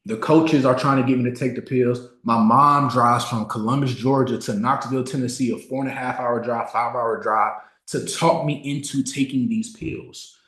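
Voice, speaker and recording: A man in his thirties giving a motivational talk, telling a personal story and slowing down to stress key words. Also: mid-range voice, steady tone, fairly bright tone. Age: 30s. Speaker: motivational speaker. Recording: roomy echo.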